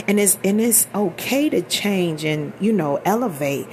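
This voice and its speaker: A woman's voice: medium pitch, very animated, unhurried, hardly any pauses, slight background noise. A woman in her thirties telling a personal story in a candid, emphatic, colloquial way. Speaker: vlogger.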